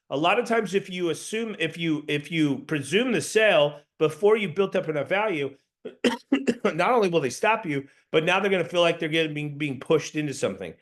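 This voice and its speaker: A young man coaching solar salespeople, assertive and talking through sample pitches to customers. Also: fairly bright tone. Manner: assertive, role-plays customer dialogue.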